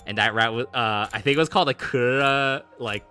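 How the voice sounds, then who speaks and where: A young man streamer recapping a game in a casual, rambling, excitable way, swearing and saying "like" a lot. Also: medium pitch, a little fast, smooth, faint music behind.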